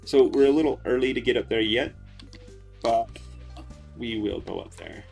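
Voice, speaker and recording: A man casually commenting on gameplay in a relaxed, chatty way, with frequent hesitations. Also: mid-range voice, normal speed, gravelly, slightly rough, soft background music. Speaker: let's play host.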